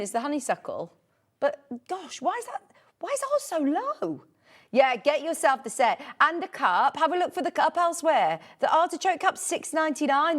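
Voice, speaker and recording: A British woman in her thirties presenting a live home shopping show, keeping up a bubbly, chatty sales patter. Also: sits high. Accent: British English.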